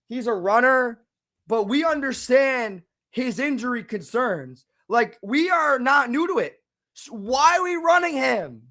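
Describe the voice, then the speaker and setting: A man reacting live to a football game, swinging from low muttering to angry shouting and repeating words. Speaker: fan reaction streamer.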